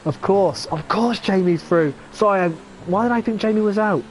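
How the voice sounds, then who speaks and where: An English man commentating live on an online sim racing league, chatty and excitable, often correcting himself. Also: high voice, moderate pace, a little hiss or hum. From England. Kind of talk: live esports race commentary.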